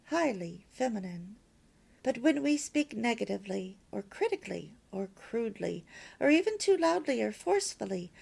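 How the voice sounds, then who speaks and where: A woman's voice: on the high side, gravelly, darkish tone. A woman reading a homemaking lesson aloud as a story, lilting and emphatic with near-whispered asides. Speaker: reader of a homemaking course.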